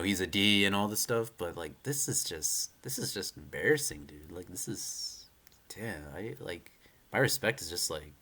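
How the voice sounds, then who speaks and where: A man's voice: on the low side, bright, forceful tone. A young man reacting live to a manga chapter in a casual, rambling rant, full of fillers and restarts, swearing and opinionated. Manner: rambling, heavy use of "like" and "you know", frequent restarts.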